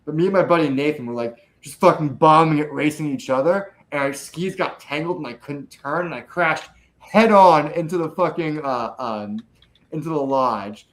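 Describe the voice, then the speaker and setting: A man's voice: on the high side, moderate pace, poor audio. A man in casual podcast chat, telling rambling stories with lots of laughter and swearing.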